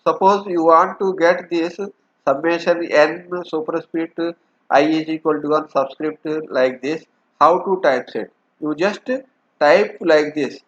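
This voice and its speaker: A man teaching, explaining step by step and often saying "okay". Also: fairly high pitch. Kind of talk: lecture walking through a document. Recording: dull lo-fi lecture recording.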